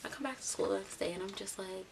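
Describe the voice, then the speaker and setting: A young woman vlogger telling a casual storytime story in a chatty, lively way, acting out what others said. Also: mid-range voice, fast talker, gravelly. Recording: distant mic with steady hiss.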